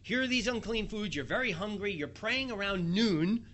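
A man preaching a sermon, telling the story in a lively way with a chuckle here and there. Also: sits high, normal speed.

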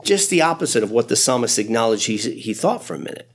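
A man who is a pastor, preaching a sermon in an animated, conversational way with frequent asides. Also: mid-range voice, quick pace, husky.

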